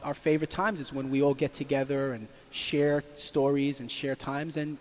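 A man telling a family story as a radio guest, animated and chuckling, often repeating himself. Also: medium pitch, moderate pace, big-room sound, dull audio, slight background noise. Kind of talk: casual storytelling.

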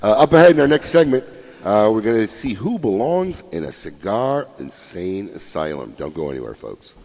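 A man's voice: lowish voice, sing-song, normal speed, darkish tone, long reverb tail, highs cut off. A man hosting a radio show, plugging the next segment. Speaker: radio host.

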